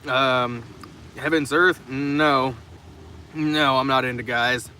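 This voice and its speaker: Rambling young male streamer, bright voice. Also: mid-range voice, steady tone, takes it slowly. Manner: rambling and profane, with many stammered restarts. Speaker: live streamer. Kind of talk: casual chat answering viewers' comments. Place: outdoors, sheltering in the open trunk of a car in the rain. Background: faint rain and passing traffic.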